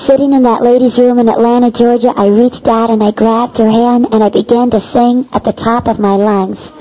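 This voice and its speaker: A woman telling a personal faith story aloud in an animated way, acting out the dialogue. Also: on the high side, a little fast. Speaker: storyteller giving a Christian testimony. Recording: dull lo-fi recording.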